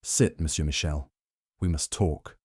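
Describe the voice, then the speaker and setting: A man's voice: rumbling low, a little slow, darkish tone, husky, no room sound, studio quality, exaggerated voice. A man reading the part of a shrewd, stern older Belgian detective who presses his questions in a commanding way. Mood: pressing.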